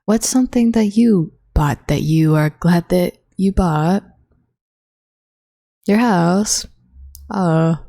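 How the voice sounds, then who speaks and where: A young woman hosting a casual solo podcast into her own microphone, rambling, swearing and sounding flatly bored. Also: fairly low pitch, unhurried, creaky, few pauses, no echo, clean studio sound. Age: young adult. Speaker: college student podcast host. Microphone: own desk microphone.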